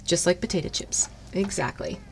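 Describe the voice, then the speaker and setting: A woman with a somewhat low voice chats through a casual live stream as she paints miniatures. She greets viewers brightly, laughs often and chats freely. A faint hiss sits under her voice. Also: moderate pace, vocal fry.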